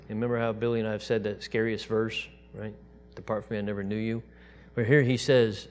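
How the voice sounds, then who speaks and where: A man preaching a sermon to his congregation in a relaxed, conversational way, dropping to a soft, quiet voice when he quotes God. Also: on the low side, moderate pace, few pauses. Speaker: pastor.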